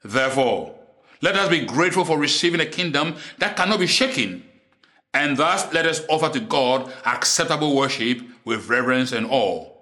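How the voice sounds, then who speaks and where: A man preaching a sermon in English, which is not his first language. He is deliberate and repeats key lines for emphasis. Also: on the high side, expressive, sharp tone.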